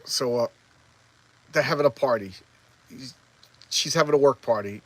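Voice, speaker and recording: A man casually walking through a comic book issue, rambling and halting with lots of restarts, openly enthusiastic about the panels he loves. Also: medium pitch, no room sound, poor audio. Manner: rambling, halting, stumbles over words. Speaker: comic book collector reviewing back issues. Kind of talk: casual comic review chat.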